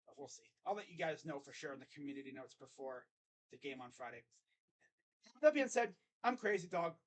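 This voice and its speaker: A man hosting a live sports reaction stream, chatty and excitable, talking straight to his viewers. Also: on the high side, fairly quick.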